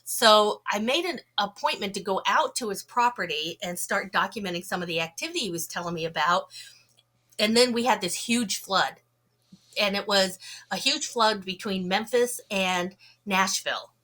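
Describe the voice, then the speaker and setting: A woman guest on a podcast telling a story in an animated way, acting out the people she quotes, with a slight cough. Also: medium pitch, moderate pace. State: slight cough, sore throat. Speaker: guest, UFO investigator.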